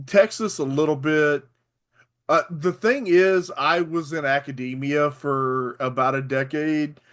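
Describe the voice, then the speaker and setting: A man from Arkansas with a softened South Arkansas accent, co-hosting a casual podcast chat and explaining things carefully with small restarts. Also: fairly high pitch. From Arkansas, USA. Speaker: podcast co-host.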